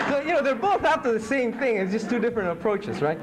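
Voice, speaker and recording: A male poet reads his work aloud before a live college audience. His voice sits high and animated, dropping lower for the verse and mixing in Spanish words. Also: quick pace, hardly any pauses, over a noisy crowd, very noisy. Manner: animated, switches between English and Spanish. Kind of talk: live poetry reading.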